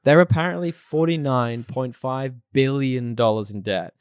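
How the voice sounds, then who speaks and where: Chatty, animated male podcast co-host. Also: medium pitch, normal speed, smooth, no room sound, studio quality. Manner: chatty, animated, laughs often. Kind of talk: casual chat.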